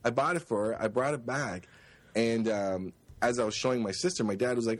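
A man chatting as a podcast guest, easygoing and halting, with a lot of fillers. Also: mid-range voice, dry recording. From Canada. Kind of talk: casual chat.

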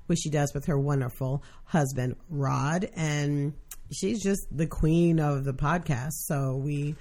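An excitable woman from Brooklyn hosts a casual podcast, sitting a little low in her range. She chats in quick, laughing bursts. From Brooklyn, New York. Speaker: podcast host.

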